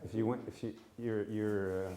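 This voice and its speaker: A man leading an informal live class in a temple room, with a relaxed, halting manner and frequent self-corrections. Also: lowish voice, a little hiss or hum. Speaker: music teacher leading a class.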